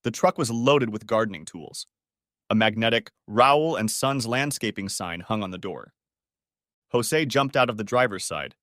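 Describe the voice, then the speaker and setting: A man's voice: fairly low pitch, normal speed, a bit bright, dry recording, studio quality. Man narrating a story audiobook. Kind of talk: first-person audiobook narration.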